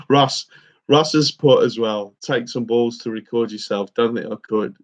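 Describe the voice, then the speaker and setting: Male streamer, casual friendly chat, mid pitch, slightly dull lo-fi audio. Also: slow pace. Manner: chatty, emotional, says mate a lot. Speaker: fishing livestream host. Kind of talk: casual livestream chat reading comments.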